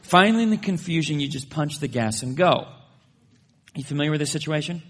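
A man's voice: on the high side, lively intonation, a little fast. A man preaching a sermon as a pastor, telling everyday stories with playful humorous asides.

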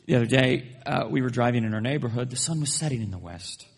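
A man's voice: mid-range voice, expressive, quick pace, breathy edge. A man preaching a sermon as a pastor, telling everyday stories with playful humorous asides.

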